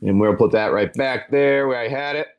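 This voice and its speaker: A man's voice: medium pitch, moderate pace, lo-fi sound, a little hiss or hum. A man hosting a casual card-opening stream, chatty and rambling, reading card names and telling an adventure story. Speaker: livestream seller opening card packs.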